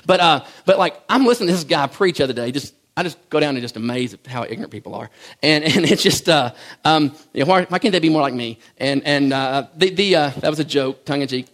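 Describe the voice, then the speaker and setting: Man, high voice, folksy sermon, stumbling restarts. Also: expressive, quick pace, fairly bright tone. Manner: folksy, self-joking preaching with repeated restarts. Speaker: pastor.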